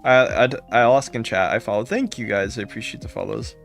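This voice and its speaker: A man's voice: on the low side, brisk, creaky, faint music behind. A man streaming a game live, chatting casually and greeting viewers by name with repeated thanks.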